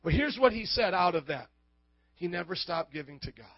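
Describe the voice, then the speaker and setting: A man's voice: sits high, sing-song, a little fast, no room sound, dull audio. A male pastor preaching a sermon, emphatic and calling out to the congregation for responses.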